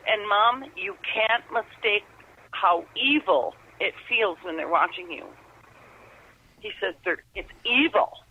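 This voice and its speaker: A woman's voice: mid-range voice, breathy edge. A middle-aged woman from Upper Michigan calling in, telling a long story in a rambling, earnest way with many restarts. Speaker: caller telling an encounter story. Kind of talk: rambling phone testimony. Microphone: telephone. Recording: phone line.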